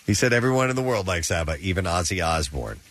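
A man's voice: deep voice, sing-song, quick pace, a bit bright, a little hiss or hum. A man with a sore throat and the sniffles, hosting a morning radio show and reading entertainment news with asides.

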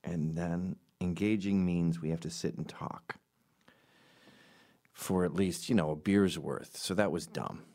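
A comedian doing a rambling, sarcastic comedic monologue with deadpan asides, jumping into loud, high voices for the people he quotes. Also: unhurried.

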